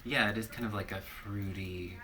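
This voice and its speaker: A man's voice: fairly low pitch, steady tone, normal speed. Man, dry wry remarks, casual chat, faint noise behind. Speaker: perfume reviewer, co-host.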